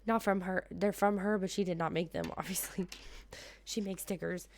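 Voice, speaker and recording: This woman's voice is lowish and darkish, with fairly even intonation at a normal speed. A planner vlogger in her thirties from the US, she chats casually in her living room as she decorates a planner for a plan-with-me video, often laughing and talking to herself under her breath.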